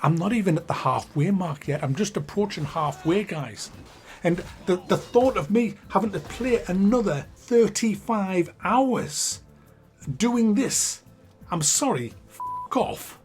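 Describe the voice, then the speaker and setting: Casting: game reviewer, blunt and crude, fairly high voice, faint music behind. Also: male voice, unhurried. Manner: blunt, swearing, animated. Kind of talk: casual spoken review.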